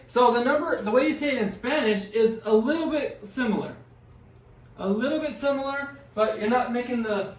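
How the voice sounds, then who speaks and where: A man teaching a classroom language lesson, patiently sounding out words and encouraging his students. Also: extremely high pitch. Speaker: Spanish teacher. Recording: echoey room, distant mic.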